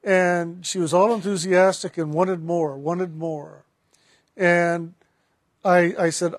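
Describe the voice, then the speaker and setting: Man, spiritual counselor, earnest, gentle storytelling, high voice, dry sound. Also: steady tone, slow, dry recording. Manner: earnest, gentle, frequent restarts. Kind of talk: personal storytelling.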